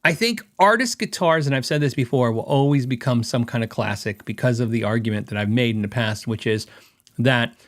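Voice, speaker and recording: A man's voice: mid-range voice, fairly quick. A middle-aged man hosting a podcast, giving his opinions in a rambling, casual way and thinking aloud with fillers. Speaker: podcast host.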